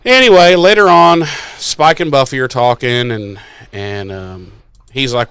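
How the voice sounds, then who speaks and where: A man's voice: mid-range voice, measured pace, a bit bright, smooth, dry recording. A man co-hosting a podcast, recapping a show in crude, exasperated casual chat and acting out the characters' lines. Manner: crude, exasperated, acts out quotes. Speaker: podcast co-host.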